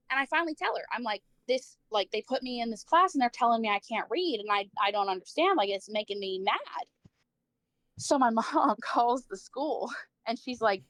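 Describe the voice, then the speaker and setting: A woman's voice: a little high, expressive, moderate pace, fairly bright tone, dry recording. A woman livestreamer telling a personal story in casual chat, saying "like" a lot, swearing freely and acting out the people she quotes.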